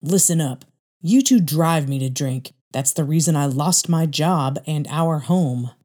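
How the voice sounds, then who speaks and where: A woman doing a harsh, loud, bitter father. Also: a little high, unhurried. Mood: angry. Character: angry, bitter drunk father, middle-aged man.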